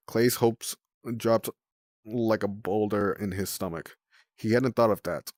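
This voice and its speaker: A man's voice: on the low side, a little slow, a little mellow, no room sound, clean studio sound. A man reading a novel aloud on a livestream, in a plain way with small slips and self-corrections.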